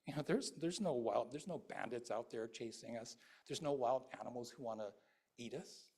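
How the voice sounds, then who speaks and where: An everyday man pushes back in a casual, incredulous voice, played by a preacher. The voice is husky and conversational. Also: medium pitch, moderate pace, a little mellow. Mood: skeptical. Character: skeptical modern man questioning the preacher.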